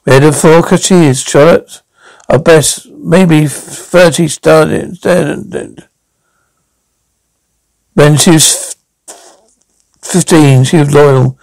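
A man playing a cold, gravelly cartel lawyer. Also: a little high, drawn-out words, pauses often, a little mellow, no echo, exaggerated voice, rough recording. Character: menacing male cartel lawyer, calm and cold.

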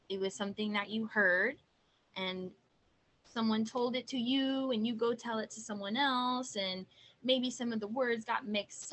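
A young woman reading picture books aloud to children, gentle and chatty, pausing to ask questions. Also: medium pitch, poor audio. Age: young adult. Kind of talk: picture-book read-aloud.

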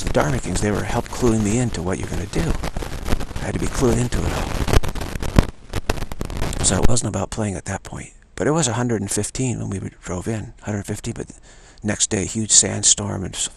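A low, gravelly male voice wanders through an informal spiritual talk and slips into acted-out dialogues. Loud noise runs under everything. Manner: rambling, acts out dialogues. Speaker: spiritual teacher.

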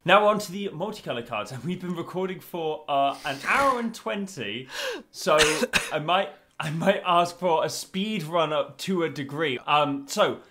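A man's voice: fairly high pitch, lively intonation, unhurried, pushed and bright, slight background noise. A man hosting a casual recorded discussion, chatty and joking, with frequent uh fillers. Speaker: host.

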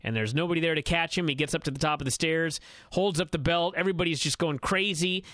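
Bright-voiced man recapping a wrestling match. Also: fairly high pitch, no room sound. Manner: recounts events in a fast, excited run, with many fillers. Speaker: wrestling analyst. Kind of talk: casual radio show recap.

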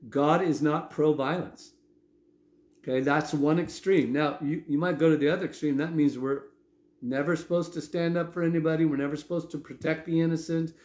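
A man preaching a sermon in a conversational way, often checking in with his listeners with a quick "okay?". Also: fairly high pitch, a little mellow, reverberant. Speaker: pastor.

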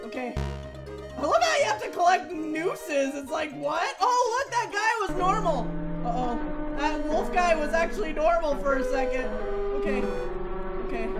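A woman's voice: very high-pitched, expressive, measured pace. A young woman playing a horror game for her channel, jumpy and giggly, squealing at the scares and chatting to her viewers in between. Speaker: gaming YouTuber. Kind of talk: horror game let's play commentary. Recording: game music playing behind.

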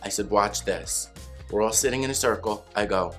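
A man's voice: on the low side, fairly quick, fairly bright tone, soft background music. A man giving casual comedic commentary to camera, telling anecdotes that build to punchlines. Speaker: cast member.

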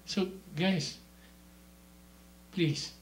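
A man preaching a sermon in an animated way, swinging from soft, low asides to loud, high-pitched exclamations and laughing as he tells stories. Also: very slow, reverberant, slight background noise.

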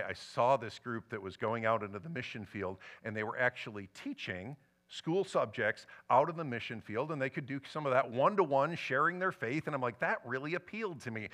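A middle-aged man, a pastor, preaching a sermon and telling a personal story with lively emotional swings. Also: mid-range voice. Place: church sanctuary.

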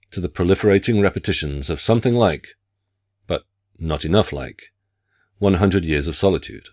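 A man delivering a scripted literature lecture in a measured, formal academic way. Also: sits low.

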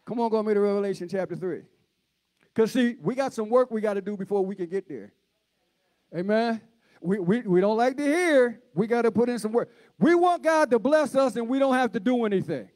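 A man preaching a guest sermon in high-energy call-and-response style. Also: expressive, a little fast, darkish tone.

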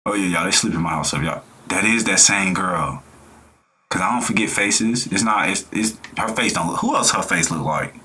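A man hosting a reaction video, talking in blunt slang and lecturing his viewers in a casual, animated way. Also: deep voice, moderate pace, slightly rough.

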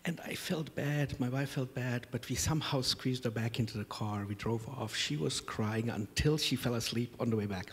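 A man's voice: mid-range voice, moderate pace, few pauses, in a large hall, slight background noise. A middle-aged man hosting a conference, opening with humorous, self-deprecating stories about his family. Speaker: conference host. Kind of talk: storytelling conference introduction. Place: conference hall.

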